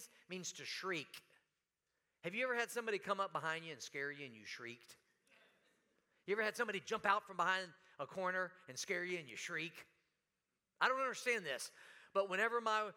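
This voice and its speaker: A man preaching a sermon in a church, animated, breaking into sudden shouts and dramatic quoted lines. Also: high-pitched. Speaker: pastor. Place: church sanctuary.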